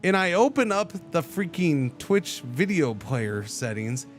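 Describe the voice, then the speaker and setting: Male streamer, fairly high voice that swings widely, rambling casual storytelling, music playing behind. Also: a little slow. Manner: rambling, animated, many restarts. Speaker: game streamer. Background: background music.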